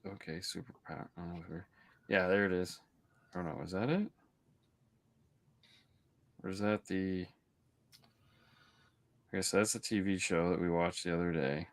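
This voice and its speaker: A man co-hosting a podcast, chatting casually about movies and telling rambling stories with lots of restarts. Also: lowish voice. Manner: rambling, full of restarts and storytelling. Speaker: podcast co-host. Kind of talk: casual movie-review chat.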